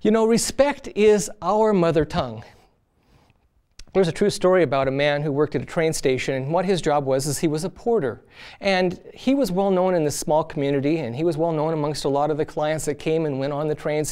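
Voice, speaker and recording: A man with a slightly high, smooth and a little mellow voice preaches on marriage at a fairly quick pace. His sermon is conversational and folksy, built on stories and full of "you know"s.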